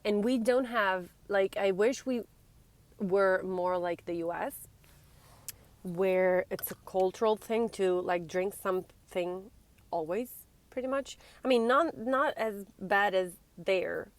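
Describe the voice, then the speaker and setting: A woman's voice: medium pitch, slow, no echo. A young woman from Italy rambling anxiously in a casual vlog, teary-eyed and often breaking off mid-sentence. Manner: rambling, self-interrupting, anxious. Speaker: vlogger.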